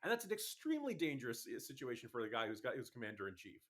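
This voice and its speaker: A man speaking as a commentator guest on a talk radio interview, arguing his case in a fast, exasperated, emphatic way. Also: medium pitch, sing-song, fairly bright tone.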